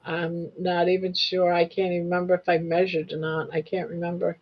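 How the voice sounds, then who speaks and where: A woman's voice: lowish voice, monotone, brisk, highs cut off. A woman guest chatting casually about crochet, joking at her own expense. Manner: self-deprecating, joking. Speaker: panel guest on a crochet live stream. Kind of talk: casual chat.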